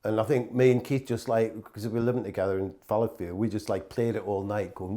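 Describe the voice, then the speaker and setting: A man's voice: fairly low pitch, steady tone, fast talker, warm tone. Rambling man telling stories. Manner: rambling, with frequent fillers, swearing and acted-out quotes. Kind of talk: casual anecdotal storytelling.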